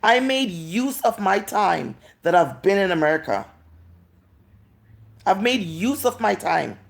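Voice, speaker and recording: A woman's voice: mid-range voice, sing-song, unhurried, vocal fry. A woman in her late thirties with a Jamaican accent, ranting and scolding on a live stream, drawing out words for emphasis. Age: 30s. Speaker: vlogger.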